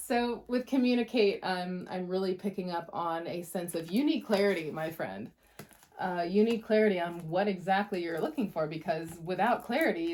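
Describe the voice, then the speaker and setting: A woman's voice: fairly low pitch, a little mellow. Woman tarot reader, casual and direct, passionate, curses often. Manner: blunt, passionate, swears freely, quick bursts. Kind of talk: casual tarot reading to camera.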